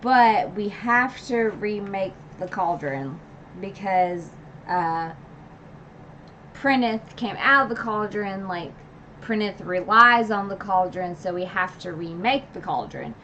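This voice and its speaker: A woman talks through a book's ending on a livestream in a loose, rambling way, leaning on "like" between every thought and reliving her reactions. Her mid-pitched voice comes through dull, muffled lo-fi stream audio with a faint hiss underneath. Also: animated, slow, pushed and bright. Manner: chatty, full of filler "like"; retells scenes with emotional asides and laughs. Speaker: book channel streamer. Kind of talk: casual livestream book recap.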